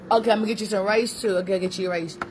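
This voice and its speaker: A woman talks loosely and at length to her live-stream viewers, drifting between topics and a small child beside her. Her voice sits in an ordinary middle pitch. A clear, steady noise runs under her speech throughout the stream. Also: rapid-fire. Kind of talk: casual live-stream chat.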